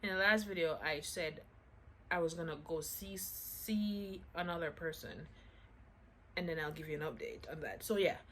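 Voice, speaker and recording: A woman's voice: fairly low pitch, normal speed, fairly bright tone, a little hiss or hum. A woman vlogger telling a casual storytime to her viewers in a chatty way, full of "like" fillers and self-mocking asides.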